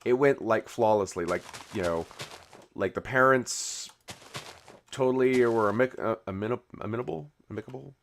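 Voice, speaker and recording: A man's voice: medium pitch, normal speed, vocal fry, a little hiss or hum. A man hosting a game video, chatting casually while he builds and answering viewer comments in a rambling way with many restarts. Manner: rambling, full of "you know" and restarts. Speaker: YouTube game host.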